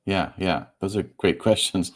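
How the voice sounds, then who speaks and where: A man, the guest author in an interview, talking in a halting way, repeating words and laughing softly as he speaks. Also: deep voice. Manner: halting, repeats words, stumbles through fillers; laughs softly mid-sentence while talking. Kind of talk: emotional conversational interview.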